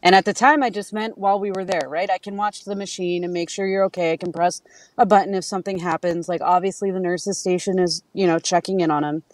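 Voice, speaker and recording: A woman's voice: lowish voice, fairly even intonation, fast, dry recording. A woman talking as a podcast guest in casual conversation, telling candid stories, acting out what people said and swearing freely. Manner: candid storytelling, acts out quotes, swears freely.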